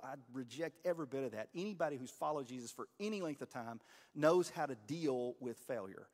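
A man's voice: mid-range voice, brisk, long reverb tail. A man preaching a sermon as a pastor, in a conversational, earnest way with many fillers and restarts.

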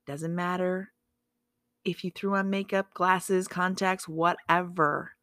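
A woman's voice: on the low side, little pitch movement, slow pace, fairly bright tone, dry recording, clean studio sound. A woman hosting a motivational podcast, chatty and upbeat, often correcting herself and making asides to herself. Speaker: podcast host.

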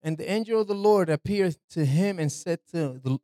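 A man's voice: high-pitched, normal speed, dark tone, no echo. A man preaching an informal sermon in a loose, conversational way, often asking his listeners "right?" and dropping "man" into his talk. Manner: slangy, repeats "man" and "right".

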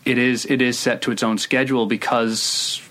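A man's voice: mid-range voice, little pitch movement, normal speed, fairly bright tone. A man in his thirties, a screenwriter, talking casually in an interview and rambling through many restarts and hedges. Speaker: screenwriter guest.

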